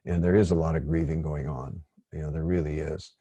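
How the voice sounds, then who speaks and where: A man leading an online workshop, speaking in a gentle, rambling, digressive way. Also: a bass voice, steady tone, brisk, husky, dry recording, lo-fi sound. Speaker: workshop facilitator.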